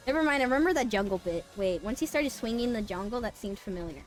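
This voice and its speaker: A young woman streamer chatting casually, rambling, sarcastic and quick to swear and laugh. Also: a little high, faint music behind. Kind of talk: casual live-stream chat.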